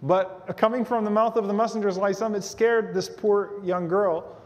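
A man with a somewhat high-pitched voice tells a story to an audience in a religious lecture. He brings it to life by slipping into the voices of the people he quotes. His words carry a long reverb from a large hall. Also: fairly even intonation, quick pace. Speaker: Islamic lecturer.

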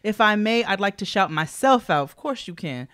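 A woman's voice: medium pitch, animated, normal speed, a bit bright, smooth, no room sound. A woman co-hosting a podcast, reading listener letters aloud in an upbeat, playful way and hyping up the listeners. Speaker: podcast co-host.

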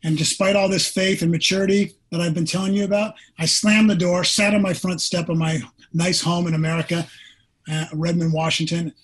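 Husky, high-voiced older man telling his story. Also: brisk, rough recording. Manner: earnest, animated storytelling with acted-out quotes. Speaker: podcast guest, former pro quarterback. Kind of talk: personal storytelling in an interview.

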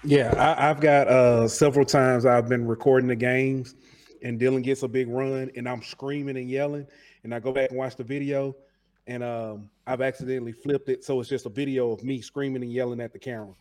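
A man's voice: medium pitch, level tone, fairly quick, darkish tone. A man chatting as a guest on a sports talk show, telling a story in a matter-of-fact way. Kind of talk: casual chat.

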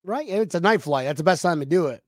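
A man co-hosting a casual sports podcast, loud and joking, swinging between shouting and mumbling. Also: fairly high pitch, lively intonation, quick pace, no room sound. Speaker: podcast co-host.

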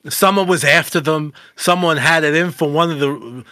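A man's voice: on the high side, normal speed, dry recording, clean studio sound. A man, co-hosting a podcast and telling rambling, profane stories in casual chat. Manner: animated, profane, rambling anecdotes with laughs. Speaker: podcast co-host.

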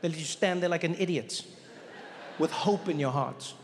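A man doing stand-up comedy on a theater stage, telling a story with animated delivery and acting out characters. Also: a little high, moderate pace, slight background noise. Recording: live hall reverb, faint ambience.

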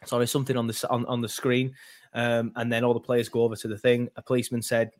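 A man's voice: mid-range voice, monotone, fast talker. Rambling man hosting a fan podcast. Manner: rambling, hesitant, many fillers and restarts. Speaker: podcast host. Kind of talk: casual fan podcast chat.

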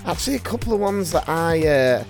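A man's voice: a little high, expressive, a little fast, soft background music. A man hosting a podcast, chatting in a jokey, enthusiastic way. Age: adult dad. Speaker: podcast host. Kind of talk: casual podcast banter.

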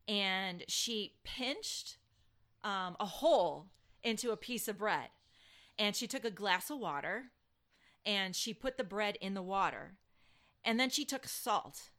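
A woman's voice: mid-range voice, slow. A woman co-hosting a podcast, telling a family story in casual chat with lots of restarts. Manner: animated storyteller, many restarts and fillers. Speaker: podcast co-host.

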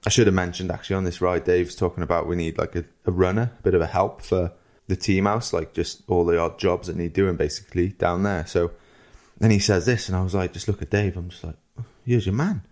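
A Welsh man in his thirties with a slightly low voice tells a rambling anecdote on a casual podcast. He talks loosely and animatedly, slipping into quick impressions of the people in his story. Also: fairly even intonation, darkish tone. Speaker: podcast co-host.

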